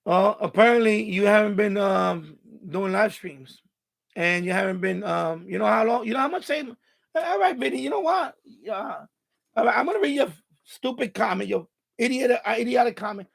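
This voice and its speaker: A man's voice: high voice, moderate pace, vocal fry, a bit bright. A man hosting a live stream, ranting angrily and profanely at a viewer in the chat. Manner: angry, profane, repetitive rant.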